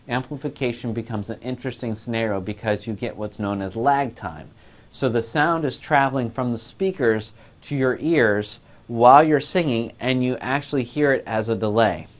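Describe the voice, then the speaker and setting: A man teaches singers in a patient, explanatory lecture, his mid-pitched voice picked up on a clip-on lapel mic. He lays out each point step by step, like a recorded class. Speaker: voice class instructor.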